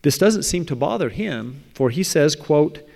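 A man reading a prepared academic paper aloud in a measured way, now and then stumbling and restarting. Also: fairly high pitch, animated, gravelly, a little mellow. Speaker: speaker presenting a paper on religious apologetics. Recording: echoey hall with long reverb.

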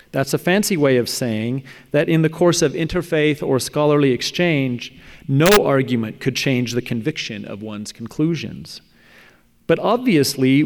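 A man reading a prepared talk in a measured, thoughtful way, often trailing off at the ends of phrases. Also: mid-range voice. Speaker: speaker presenting a paper. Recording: long hall reverb.

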